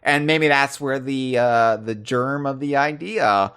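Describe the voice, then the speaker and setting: A man's voice: medium pitch, slow pace, smooth. A man hosting a podcast in casual chat, playful and chatty, trading trivia with his guest. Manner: playful, shouts bits of trivia as a running joke. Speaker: podcast host.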